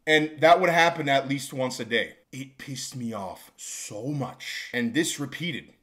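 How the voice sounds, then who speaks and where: A man's voice: mid-range voice, expressive, unhurried. A man telling a storytime vlog about a job, exasperated and ranting. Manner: exasperated, builds to shouting rants. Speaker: vlogger telling a work story. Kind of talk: storytime monologue.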